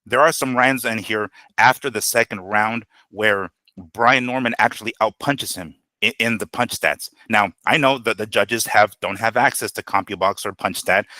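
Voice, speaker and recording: A man co-hosting a boxing talk show, giving animated, profane fight analysis and acting out quotes. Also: on the low side, dry recording.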